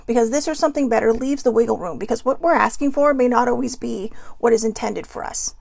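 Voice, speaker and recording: A woman's voice: a little high, animated, fairly quick, vocal fry, few pauses, a little mellow, no echo. A woman host chatting casually to viewers as she reads oracle cards, rambling and upbeat with playful asides. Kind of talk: casual spiritual chat to viewers.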